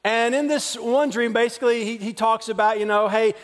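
A man's voice: very high-pitched, fairly even intonation, a little fast. A man, preaching a chatty storytelling sermon full of self-deprecating asides and restarts. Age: 40s. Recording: long reverb of a large hall.

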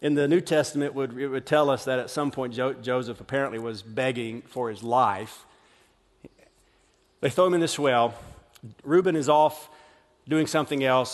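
A man's voice: medium pitch, fairly even intonation, normal speed, long pauses. A man, preaching a chatty storytelling sermon full of self-deprecating asides and restarts. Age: 40s. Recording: long reverb of a large hall.

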